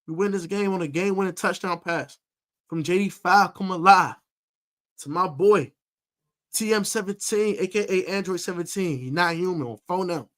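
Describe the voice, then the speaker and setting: A fairly high-pitched man with a bright, forceful voice hosts a live football preview stream. He talks in an animated, emphatic way, repeating points for stress and filling gaps with ums and uhs. His delivery is loose, unscripted chat. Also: moderate pace. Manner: emphatic, animated sports talk with fillers and repeats. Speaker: sports podcast host.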